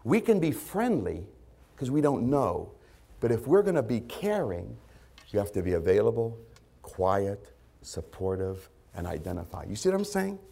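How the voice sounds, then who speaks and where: Male pastor, conversational sermon with lively pitch, acts out quotes. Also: moderate pace, creaky, slightly rough. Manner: lively, conversational preaching with sudden loud put-on voices.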